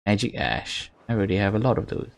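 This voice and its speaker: A man's voice: lowish voice, animated, quick pace, vocal fry. A man casually commentating a video game in a joking, offhand way. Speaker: gaming streamer.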